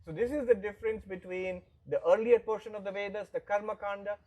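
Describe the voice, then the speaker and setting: A man's voice: high voice, fairly even intonation, quick pace, darkish tone, rough recording. A monk giving a spiritual lecture. He explains patiently, repeats his points and acts out the voices he quotes. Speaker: monk teaching philosophy.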